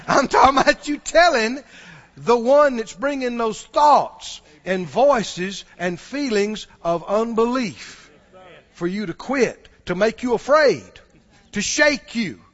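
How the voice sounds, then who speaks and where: High, lively male preacher, lo-fi. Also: a little slow. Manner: swings from hushed storytelling to shouted exhortation. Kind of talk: sermon.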